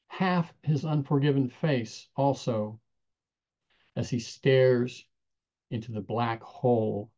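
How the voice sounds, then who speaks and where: A man at an open mic reading a poem in a quiet, unhurried way. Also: mid-range voice. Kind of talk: poetry reading. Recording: dull lo-fi audio.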